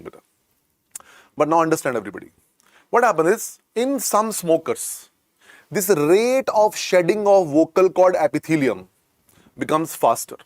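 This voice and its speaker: A man's voice: a little high, no echo, studio quality. A middle-aged man with an Indian accent teaching a medical exam class, repeating key points and coaxing students as "beta". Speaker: medical lecturer. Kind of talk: exam coaching lecture.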